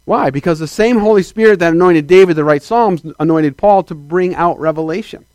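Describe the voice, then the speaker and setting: A man's voice: high voice, fairly quick, dry recording. Emphatic preaching pastor, man. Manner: emphatic preaching, swinging between loud declarations and quiet asides; calls out to the congregation for affirmation. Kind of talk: sermon.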